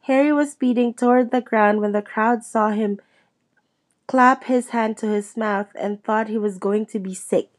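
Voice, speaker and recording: A woman's voice: fairly high pitch, a little slow. A woman reading a children's novel aloud, narrating steadily and expressively. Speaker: audiobook reader. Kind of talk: storybook narration.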